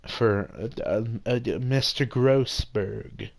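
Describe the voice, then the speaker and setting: A male streamer reads a game's text aloud in a casual way, dropping joking asides as he goes. Loud video game music plays steadily behind his voice. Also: medium pitch, sing-song, drawn-out words, gravelly, few pauses.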